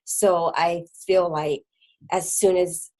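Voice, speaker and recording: A middle-aged woman telling her own story as an interview guest, halting, with many fillers and restarts, dropping very quiet at hard moments. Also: lowish voice, fairly even intonation, rough recording. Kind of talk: personal testimony in an interview.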